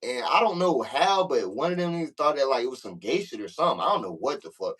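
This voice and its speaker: A young man, a podcast guest, telling a story in casual chat, loose and profane, full of filler phrases, getting louder when he acts out confrontations. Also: very animated, fast talker, husky, rough recording. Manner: loose, profane, full of "like" and "you know what I'm saying"; gets loud and high when reenacting confrontations.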